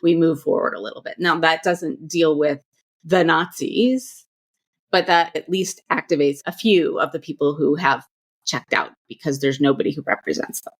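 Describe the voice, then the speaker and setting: A woman hosting a podcast interview, making her points in a measured, reasoned way. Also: low-pitched. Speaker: podcast host. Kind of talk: interview conversation.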